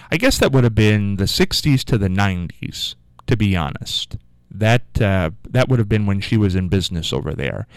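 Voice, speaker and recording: Folksy radio host, smooth voice. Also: male voice, fairly low pitch, dry recording. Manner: folksy, rambling, with many fillers and restarts. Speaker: radio talk show host. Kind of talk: call-in radio talk. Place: radio studio. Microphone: studio microphone.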